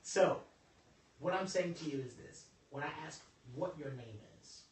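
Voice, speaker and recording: A man giving a joking, animated motivational workshop talk to a group. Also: fairly high pitch, measured pace, recorded from a distance, slight background noise. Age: adult over twenty-five. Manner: animated, joking, preacher-like delivery. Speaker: motivational speaker. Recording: echoey room, voice from afar.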